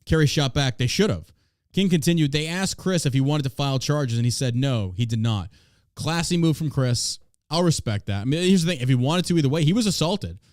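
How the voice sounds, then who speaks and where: A man's voice: fairly high pitch, expressive, fairly quick, darkish tone, no echo, clean studio sound. A man hosting a podcast, reading news aloud and ranting about it in a blunt, profane, way. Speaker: podcast host. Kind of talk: casual podcast commentary.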